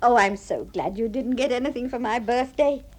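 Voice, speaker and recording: An actress playing a sentimental, emotional wife in a vintage radio drama. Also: female voice, on the high side, moderate pace, lightly acted. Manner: fluttery, emotional. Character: sentimental, easily moved wife. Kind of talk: 1960s radio drama acting.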